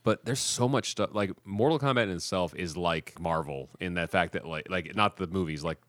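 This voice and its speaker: Deep-voiced rambling podcast host, man. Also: normal speed, dry recording. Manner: rambling, many fillers and restarts. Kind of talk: casual chat.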